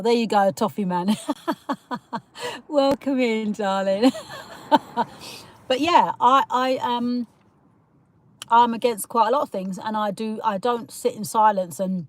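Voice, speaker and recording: A woman hosting a casual livestream, rambling through her opinions, laughing often and greeting viewers as she reads their comments. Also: medium pitch. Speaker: livestream host reading chat comments.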